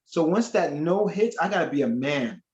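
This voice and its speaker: Animated storytelling man in an echoey room. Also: fairly high pitch, moderate pace. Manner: animated storytelling with acted quotes. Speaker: panel guest. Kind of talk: casual panel chat. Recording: echoey, dull lo-fi sound.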